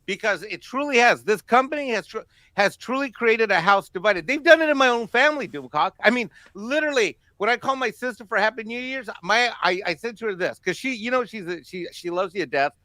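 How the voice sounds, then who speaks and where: A man's voice: on the high side, bright, forceful tone, no room sound. Rambling man co-hosting a chat. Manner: rambling, laughing, many fillers. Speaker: co-host. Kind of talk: casual panel discussion.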